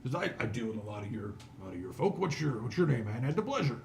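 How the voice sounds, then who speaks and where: A man voicing a male dwarf constable of the city watch, drawn-out and wry, in a tabletop game. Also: mid-range voice, very animated, creaky, reverberant, slight background noise. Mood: friendly.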